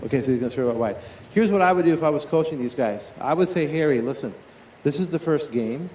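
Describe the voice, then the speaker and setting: A man teaching tennis in a live on-court demonstration, talking to his players and to watching coaches with quick, lively questions. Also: fairly high pitch, reverberant, a little hiss or hum.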